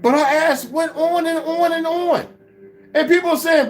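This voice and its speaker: A man delivering a heated, profane vlog rant full of mockery and swearing. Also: moderate pace. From United States. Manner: heated, swearing, mocking, lively swings in pitch. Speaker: vlogger. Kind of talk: profane ranting monologue.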